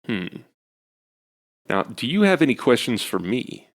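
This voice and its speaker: A man's voice: medium pitch, big pitch swings, measured pace. A man co-hosting a casual podcast chat, rambling and self-deprecating with lots of fillers. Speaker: podcast co-host, husband.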